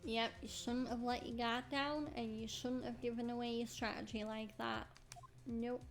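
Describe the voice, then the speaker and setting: A woman's voice: on the high side, flat delivery, normal speed, faint music behind. A young adult woman chatting casually as she streams a game, rambling with fillers.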